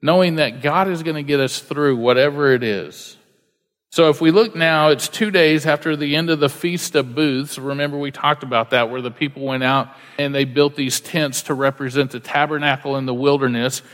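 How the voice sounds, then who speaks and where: A man's voice: a little high, steady tone, moderate pace, a bit bright, long reverb tail. A male pastor preaching a verse-by-verse sermon, earnest and repeating key lines for emphasis.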